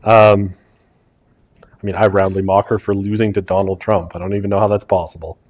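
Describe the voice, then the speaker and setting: A man's voice: deep voice, little pitch movement, a little fast, a little mellow. A man teaching a university sociology class, reading quiz questions aloud and joking with his students. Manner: joking asides, teasing students. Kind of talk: lecture running a class quiz. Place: lecture classroom.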